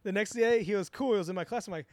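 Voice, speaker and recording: Fast-talking young man, high voice. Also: a little mellow, no room sound. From Southern California. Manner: crude, rambling storytelling with lots of swearing. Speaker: podcast co-host. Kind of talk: casual chat.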